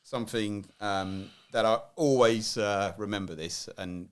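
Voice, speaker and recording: A man hosting an interview, telling a story in a halting way with plenty of fillers. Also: on the low side, clear, resonant tone. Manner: lots of short agreeing murmurs, halting with fillers. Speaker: interview host. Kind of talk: casual interview.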